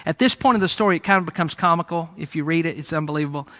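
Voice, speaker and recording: Bright-voiced male preacher telling a story. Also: on the high side, rapid-fire. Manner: lively storytelling, conversational, with fillers. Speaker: pastor. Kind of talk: sermon.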